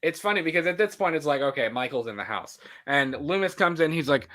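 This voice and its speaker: Lively, bright-voiced man chatting about a movie. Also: on the high side, quick pace. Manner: animated, laughs often, acts out characters' lines. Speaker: podcast co-host. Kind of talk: casual movie commentary.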